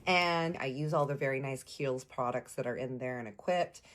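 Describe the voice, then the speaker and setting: A young woman from Texas telling a personal story in a casual vlog, animated, playful and slangy. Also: very deep voice, normal speed.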